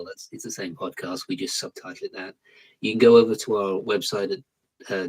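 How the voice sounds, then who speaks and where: British man, breathy low voice, self-deprecating jokes, casual video call chat. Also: poor audio. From Britain. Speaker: guest podcaster.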